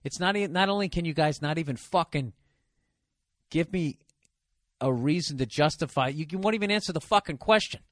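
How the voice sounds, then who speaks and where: A man's voice: on the high side, fairly quick, no room sound, clean studio sound. A man hosting a podcast, delivering a sarcastic, profane comedic rant. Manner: swears constantly, sarcastic and ranting. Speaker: podcast host.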